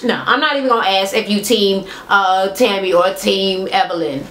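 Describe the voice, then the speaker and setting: A woman vlogger talks through a reality TV episode in a loose, gossipy rant, swearing freely and throwing in sarcastic asides. Her voice sits at a middle pitch. The room around her rings with noticeable echo. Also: moderate pace, a bit bright, a little hiss or hum. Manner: blunt, profane, gossipy and sarcastic. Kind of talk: casual rant recapping a reality show. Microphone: camera mic. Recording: echoey room.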